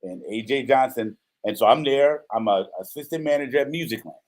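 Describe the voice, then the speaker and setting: A man's voice: medium pitch, brisk. A man in his fifties hosting a casual show, telling a story with acted-out quotes and frequent "right?" checks. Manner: animated storyteller, acts out quotes, says "right?" often. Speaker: host.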